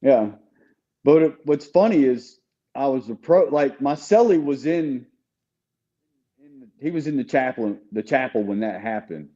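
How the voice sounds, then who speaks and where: Male guest with a mellow, dark tone, earnest and candid, recorded on dull lo-fi audio. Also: mid-range voice, animated, measured pace. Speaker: guest telling his story. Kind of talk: casual conversation.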